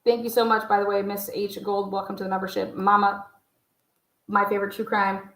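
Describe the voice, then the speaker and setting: A woman's voice: medium pitch, little pitch movement, a little fast, a bit bright. A woman giving casual livestream commentary as a true crime YouTuber. She talks in a blunt, profane, rambling way, full of asides. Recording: roomy echo.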